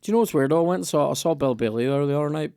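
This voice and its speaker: A man talking casually on a podcast, his voice grainy with fry. He rambles and jokes with false starts, close on a dry studio mic. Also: a little high, rapid-fire, warm tone, dry recording. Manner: chatty, jokey, trailing restarts. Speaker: podcast host. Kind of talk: casual chat.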